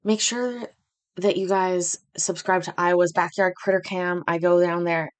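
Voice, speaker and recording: A woman's voice: lowish voice, steady tone, a little slow. A woman hosting a casual livestream from home, chatty and rambling, with self-deprecating asides. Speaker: host.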